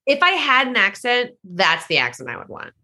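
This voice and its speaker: Bright-voiced woman chatting casually. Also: a little high, sing-song, moderate pace. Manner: chatty, lots of "like" fillers. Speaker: team broadcaster, podcast guest. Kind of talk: casual podcast interview.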